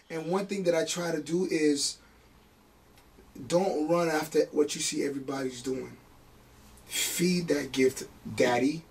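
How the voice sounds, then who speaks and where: Picked up from far away with slight background noise, a male music producer with a higher-pitched voice chats in a relaxed interview. His family anecdotes come out lively and emotional, punctuated by laughter.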